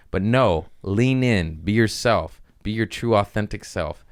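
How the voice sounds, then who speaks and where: Low-voiced guy riffing solo on his podcast, cussing a lot, dry close mic. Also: lively intonation, clean tone, no room sound. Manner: rambling, profane, jumps into quick mock voices. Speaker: podcast host. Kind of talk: casual comedic monologue.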